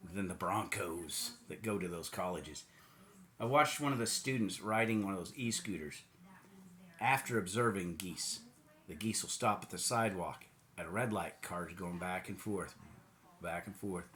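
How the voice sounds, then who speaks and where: American male commentator, mocking and sarcastic, pitch swings wildly. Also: sharp tone. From United States. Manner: sarcastic, mocking, puts on silly voices. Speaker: political commentator. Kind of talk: ranting monologue.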